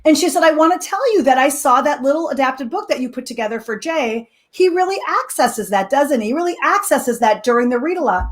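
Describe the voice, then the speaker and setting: A middle-aged woman telling a lively classroom story in a casual talk, with many fillers and quick laughs. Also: high voice. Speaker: co-teaching expert guest.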